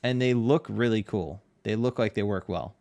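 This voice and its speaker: A livestreaming artist who also tattoos chats casually with viewers on his art stream, joking, teasing them, and laughing often. His lowish voice is gravelly and darkish, at normal speed, in a dry recording.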